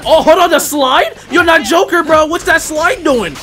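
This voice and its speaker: A man giving excited, slang-heavy commentary on a fighting game as he plays, often shouting and laughing. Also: very high voice, normal speed. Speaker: gaming YouTuber. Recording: loud game music behind the voice.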